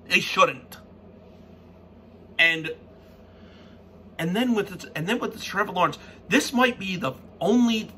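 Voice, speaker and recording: A man's voice: high voice, bright, forceful tone, a little hiss or hum. Fired-up man ranting about football. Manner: frustrated, swearing, restarts sentences. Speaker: sports fan vlogger. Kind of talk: profane sports rant.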